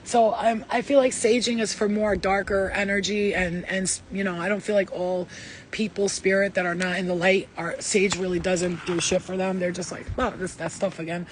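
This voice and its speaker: A woman giving a casual spiritual reading, rambling and emphatic, blunt and sometimes swearing, moving between loud urging and soft asides. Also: mid-range voice, flat delivery, moderate pace, slight background noise. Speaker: spiritual reader. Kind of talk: casual channelled tarot-style reading.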